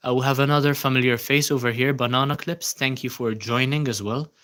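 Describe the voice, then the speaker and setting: Relaxed and full of ums and uhs, a young man from Malta reads comments from his livestream audience and thanks them. His pitch is medium and his delivery brisk.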